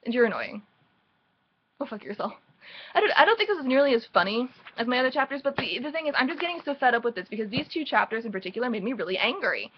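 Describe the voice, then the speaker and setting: A woman's voice: sits high, lively intonation, very fast, slightly rough, highs cut off. A woman recapping book chapters in a casual, rambling way, full of sarcastic and mocking asides. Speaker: book reviewer.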